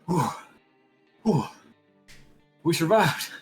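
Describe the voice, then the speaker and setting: A man's voice: fairly high pitch, very animated, very slow, faint music behind, pitched above the performer's own voice, full character voice. A man doing a worn-out frontier lawman. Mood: relieved.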